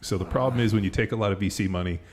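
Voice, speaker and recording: A middle-aged man hosts a podcast in loose, casual chat, circling his points with plenty of "like" and a stray curse. His voice sits very low with a gravelly edge. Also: racing, a little hiss or hum. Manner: rambling, heavy use of "like", casual swearing. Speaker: podcast host.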